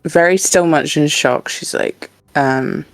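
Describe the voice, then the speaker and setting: Slow, gravelly-voiced woman player. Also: deep voice, dry recording. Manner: slow, hesitant, with many fillers and laughs. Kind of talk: tabletop role-play, describing her character.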